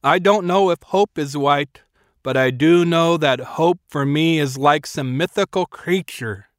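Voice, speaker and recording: A man's voice: a little high, unhurried, fairly bright tone, dry recording, clean studio sound. A man narrating a first-person audiobook in a wry, self-mocking storytelling manner.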